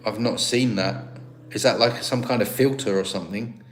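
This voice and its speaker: A man's voice: fairly low pitch, moderate pace, a little hiss or hum. A British man hosting a livestream, chatting casually and answering viewer comments in a rambling, self-deprecating way. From Britain. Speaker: livestream host. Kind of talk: casual live-stream chat, reading viewer comments.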